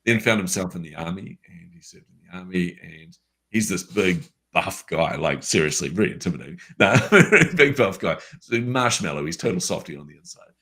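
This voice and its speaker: A middle-aged man with a very low voice speaks in an unscripted conversation. He tells stories earnestly, often restarting sentences and adding fillers along the way. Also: animated, normal speed, sharp tone. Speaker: podcast co-host.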